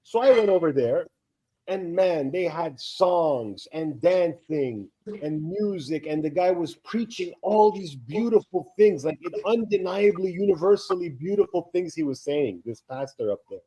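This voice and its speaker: At a measured pace, a co-stream host in his thirties with a slightly rough, somewhat high voice relates long, wandering anecdotes in casual chat. He acts out the people he quotes, and the recording is rough.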